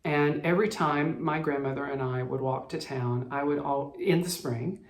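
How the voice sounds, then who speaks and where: A man's voice: on the high side, moderate pace, reverberant. A man from the American South, a cross-stitch vlogger, telling a childhood memory in a rambling, reflective way with many restarts, choked up at times. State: emotional, choked up. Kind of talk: personal storytelling.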